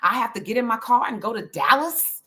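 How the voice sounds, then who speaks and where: A woman's voice: on the high side, lively intonation, fairly quick, sharp tone. A woman speaking as an interview guest, earnest and emphatic, often repeating her phrases. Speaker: interview guest, autism advocate. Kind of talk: emotional interview talk.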